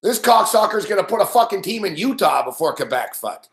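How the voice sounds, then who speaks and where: This late-night sports betting host has a high, sing-song, creaky voice and a brisk delivery, recorded with a roomy sound. Furious and foul-mouthed about hockey, he ridicules the people he talks about with mocking impressions.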